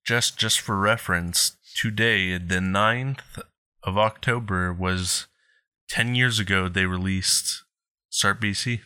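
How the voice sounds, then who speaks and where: A man co-hosting a gaming podcast, making dry, low-key remarks. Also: fairly even intonation, slow, sharp tone, smooth. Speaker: podcast co-host. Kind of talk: live gaming podcast chat.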